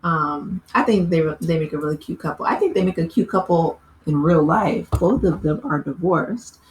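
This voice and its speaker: A woman with a deep voice casually recaps a TV episode for her channel at a normal speed, with slight background noise. She's chatty and loose, leaning on "you know" and "like" constantly and laughing often as she talks.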